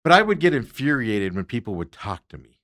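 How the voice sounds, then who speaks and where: Host, man, lively pitch, exasperated storyteller, casual chat. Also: a little fast. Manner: animated storytelling, exasperated rants. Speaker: radio show host.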